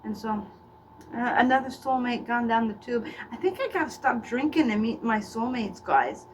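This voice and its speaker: A woman's voice: fairly high pitch, animated, normal speed. A middle-aged woman doing a rambling, gossipy comedic character monologue, often stumbling into stammered restarts. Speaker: comedian playing a faded former child actor. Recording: distant mic with faint background noise.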